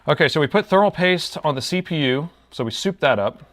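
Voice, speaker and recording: A man's voice: fairly high pitch, lively intonation, brisk, a bit bright. A man chatting casually with his live-stream viewers while he repairs a laptop, talking to himself as he works.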